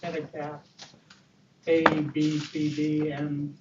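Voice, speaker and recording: A woman's voice: low-pitched, completely flat delivery, takes it slowly, dark tone. A woman in a seminar audience asking a hesitant question, repeating words as she speaks. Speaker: audience member. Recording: distant, roomy, muffled, noisy room.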